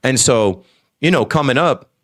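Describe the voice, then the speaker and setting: A man's voice: medium pitch, expressive, moderate pace, no echo, studio quality. Man, ex-radio host as podcast guest; articulate, emphatic, mid-range voice. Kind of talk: casual podcast chat.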